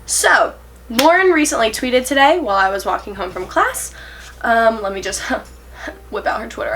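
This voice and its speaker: An eighteen-year-old woman chats to her camera in a casual vlog, earnest and a bit nervous. Her voice sits a little high and sounds bright and forward, and she rambles, corrects herself and giggles self-consciously. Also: animated, unhurried, faint music behind. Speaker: vlogger.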